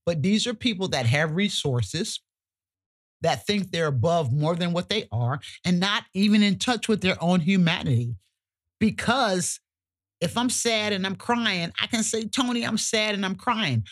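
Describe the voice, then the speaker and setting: A woman co-hosting a podcast, talking emphatically and colloquially, sometimes cussing, her pitch jumping high when she gets worked up. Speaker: podcast co-host. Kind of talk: casual podcast chat.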